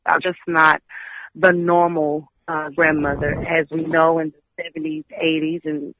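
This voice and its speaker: A woman in her forties from Texas, a Reiki practitioner, chatting in an upbeat, energetic way as an interview guest. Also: sits low, unhurried, slight background noise. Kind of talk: casual interview chat. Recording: dry tinny phone line.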